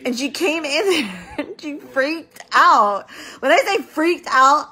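A woman's voice: sits high, animated, moderate pace, pushed and bright. A woman who runs a medical business, talking casually on a live stream, rambling and repeating words for emphasis.

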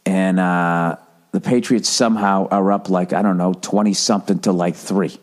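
A man's voice: low-pitched, fairly even intonation, moderate pace. A man in his forties from the United States, telling a comic story as a podcast host in a profane, exasperated rant. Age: 40s. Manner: profane, exasperated, mimics voices loudly.

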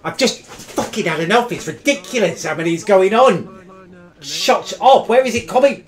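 A man, livestreaming and yelling angry, swearing commentary at his game and his chat. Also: high voice, animated, moderate pace. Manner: shouting, swearing, exasperated outbursts. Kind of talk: raging live gameplay commentary.

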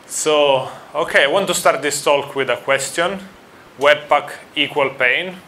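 A man's voice: on the high side, unhurried, sharp tone, slight background noise. A man from Italy with an Italian accent, giving a friendly conference talk to a live audience and asking them questions. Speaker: conference speaker.

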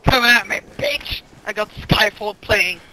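A gamer cursing through play and taunting enemies over chat. The voice sits at a middle pitch. Steady background noise runs under the voice throughout. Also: takes it slowly. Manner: profane trash talk. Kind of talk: casual gameplay chat.

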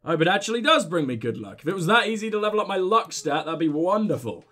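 A man hosting a let's play, giving excitable, jokey commentary and swearing freely. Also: high-pitched, quick pace. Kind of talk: casual gameplay commentary.

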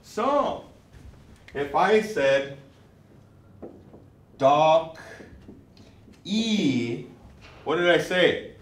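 A man teaching a language class, saying words slowly and clearly so the students can repeat them. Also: a little high, lively intonation. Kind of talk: classroom lesson. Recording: echoey room, mic far off, faint noise.

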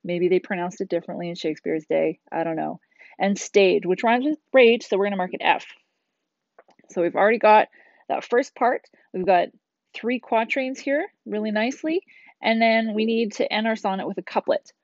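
A woman's voice: mid-range voice, moderate pace, no echo. Woman teacher, middle-aged, chatty explainer; dull lo-fi voice-over with no room sound. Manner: chatty, explanatory, with casual asides. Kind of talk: recorded classroom lesson. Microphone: tablet screencast voice-over.

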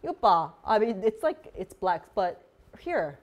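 A woman's voice: medium pitch, sing-song, a little slow, dull audio. A woman hosting a beauty vlog, chatting casually and bubbly while demoing products, with lots of "like" fillers. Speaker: beauty vlogger host. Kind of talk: casual live product demo chat.

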